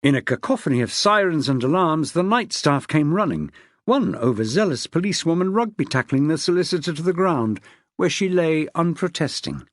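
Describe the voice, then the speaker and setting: A woman narrating a crime novel in a measured, expressive reading. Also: low-pitched, dry recording, studio quality. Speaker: audiobook narrator. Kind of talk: scripted narration.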